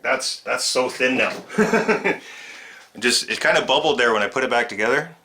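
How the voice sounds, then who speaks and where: Bright-voiced man chatting through a repair. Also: mid-range voice, lively intonation, moderate pace, echoey room, a little hiss or hum. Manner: chatty, self-mocking, chuckles while working. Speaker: RC truck hobbyist channel host. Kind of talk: casual workshop how-to vlog. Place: home shed workshop.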